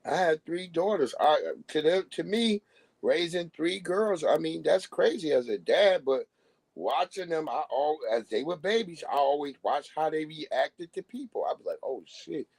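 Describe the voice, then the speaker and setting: A man's voice: on the high side, lively intonation, moderate pace, vocal fry, a little mellow, dry recording, rough recording. A man on a live stream, ranting bluntly in casual talk and acting out the voices of people he quotes. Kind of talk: casual profane rant.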